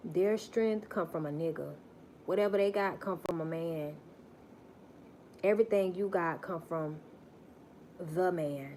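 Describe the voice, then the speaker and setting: A woman's voice: on the low side, a little slow, long pauses, warm tone, slight background noise. A woman giving a live-stream spiritual message, emphatic and preachy, repeating phrases for stress.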